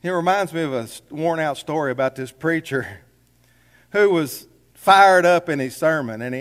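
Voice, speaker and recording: Male pastor, folksy conversational sermon, higher voice, long church-hall reverb. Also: moderate pace, a bit bright, smooth. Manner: folksy, conversational preaching with rhetorical questions. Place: church sanctuary.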